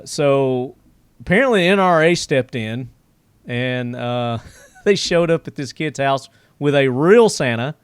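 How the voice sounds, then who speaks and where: A middle-aged male podcast host tells a story in a rambling, casual way, with plenty of "uh" and "you know." His voice is smooth and resonant. The recording is dry and close. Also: mid-range voice, dry recording. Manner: rambling storyteller with many fillers.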